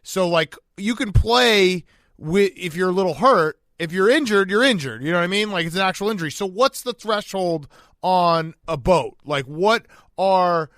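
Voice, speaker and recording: A man's voice: high-pitched, moderate pace, fairly bright tone, dry recording. Casual male podcast host, dry sound. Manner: loose and conversational, with restarts. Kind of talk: casual interview questions.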